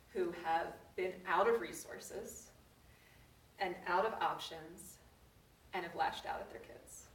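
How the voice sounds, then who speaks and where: Woman workshop host, earnest and personal, echoey room, a bit far from the mic, faint room noise. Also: fairly low pitch. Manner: earnest, personal storytelling with laughs. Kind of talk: live workshop talk to a group. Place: room with an audience.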